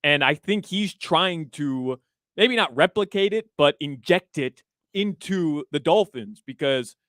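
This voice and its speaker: A man's voice: fairly high pitch, lively intonation, measured pace, fairly bright tone, dry recording, studio quality. A man hosting sports radio, talking through his points and often checking for agreement. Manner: reasoning, asks for agreement with "right?". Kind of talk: casual sports talk. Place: radio studio. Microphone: studio microphone.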